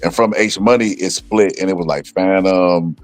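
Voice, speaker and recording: A man co-hosting a casual livestream chat, retelling a story with animated quotes. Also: low-pitched, normal speed.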